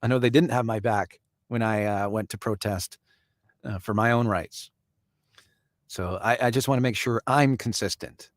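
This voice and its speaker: A man's voice: fairly low pitch, moderate pace, no echo. Chatty man with a dry close voice. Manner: conversational, chuckles often, answers viewers by name. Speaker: live-stream host. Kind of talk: casual live-stream commentary reading viewer comments.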